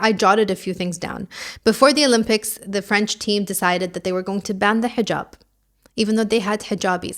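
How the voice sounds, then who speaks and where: A woman hosting a casual podcast, sassy and opinionated, rambling with lots of "like"s. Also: mid-range voice. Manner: puts on a mock French accent. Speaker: podcast host.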